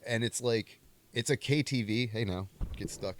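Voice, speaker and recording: A man's voice: mid-range voice, moderate pace, a little hiss or hum. A young man hosting a comedy movie podcast, rambling and joking in a self-mocking way. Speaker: podcast host. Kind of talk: casual movie commentary.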